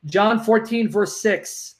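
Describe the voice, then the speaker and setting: A man debating religion, reading verses aloud slowly and repeating references with emphasis. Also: high voice. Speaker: Christian apologist.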